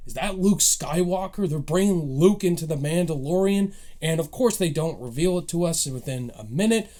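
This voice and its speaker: A man's voice: on the high side, expressive, normal speed, dark tone. A man giving a casual spoken review of a TV episode, recapping plot beats with eager, emotional enthusiasm. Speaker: movie reviewer.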